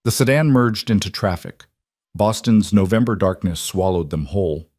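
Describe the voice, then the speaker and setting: A man narrating a scripted romance story in a steady, dramatic manner. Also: deep voice, moderate pace, no room sound, studio quality.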